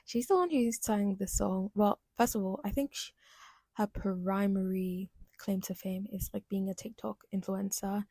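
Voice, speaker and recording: A young woman hosts a solo podcast, rambling through a casual, chatty monologue with plenty of self-deprecation. Her mid-range voice is mellow and husky, her speed normal, and there's no echo.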